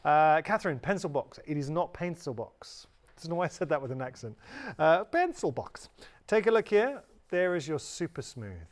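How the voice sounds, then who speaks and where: A man's voice: a little high, expressive, moderate pace. A British man presenting on a live shopping channel in a chatty, upbeat way, often correcting himself. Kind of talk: live TV sales pitch. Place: TV studio.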